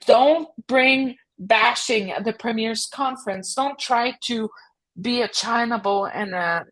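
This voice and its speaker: Brief: opinionated woman co-host, husky voice, pitched a little high, emphatic and punchy. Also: a bit bright, low-quality recording. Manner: emphatic, opinionated, quick outbursts. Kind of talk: casual political chat.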